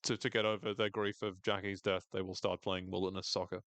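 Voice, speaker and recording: A man's voice: sits low, level tone, brisk, fairly bright tone, dry recording. A man co-hosting a podcast, recapping a TV episode in a casual, wry way and acting out quotes. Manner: dry, wry humor, reads quotes in a voice.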